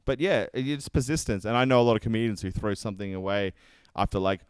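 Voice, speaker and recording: A man, a stand-up comedian, talks through his craft in a relaxed interview. His voice sits low and comes through clear. He acts out quotes and swears casually, recorded dry and close. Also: fast, no room sound. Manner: animated storyteller, acts out quotes.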